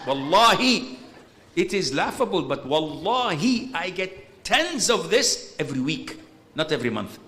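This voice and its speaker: A man giving an informal Islamic lecture, blunt and animated, with bursts of exasperated humor and Arabic religious terms in his English. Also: a little high, a little slow, slight background noise. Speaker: Islamic preacher. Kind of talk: informal lecture answering a question.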